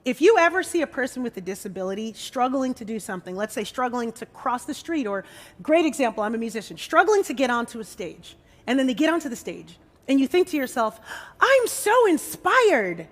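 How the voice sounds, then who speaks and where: A woman's voice: on the high side, sing-song, fast talker. A woman musician giving a bold, sassy, joking speech from a stage. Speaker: musician and disability advocate. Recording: live hall with long reverb.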